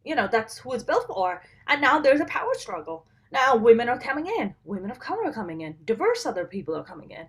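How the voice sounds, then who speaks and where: A woman's voice: on the high side, quick pace, hardly any pauses. A woman comedian in her thirties, from Pakistan, telling stories in a casual interview and acting out what people said. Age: 30s. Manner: animated storytelling, acts out quoted exchanges. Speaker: comedian and show producer.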